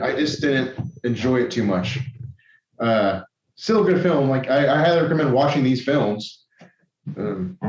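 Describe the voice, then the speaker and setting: Rambling man on a roomy podcast. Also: medium pitch. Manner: rambling, self-correcting, many restarts. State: tired and caffeinated. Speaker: podcast co-host. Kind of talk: casual podcast chat. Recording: roomy, dull lo-fi sound.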